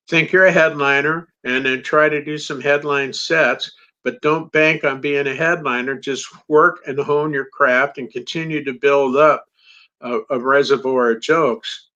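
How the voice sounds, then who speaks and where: Middle-aged male comedian, animated anecdote teller with a bright, forceful tone; dull lo-fi recording. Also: medium pitch. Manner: animated anecdote teller, acts out quoted dialogue. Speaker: comedian guest. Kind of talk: storytelling in a podcast interview. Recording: dull lo-fi sound.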